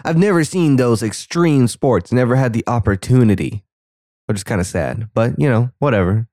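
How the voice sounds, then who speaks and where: A man's voice: medium pitch, lively intonation, moderate pace, dark tone, no echo, clean studio sound. A young man giving casual, sarcastic commentary while watching a movie, full of joking asides.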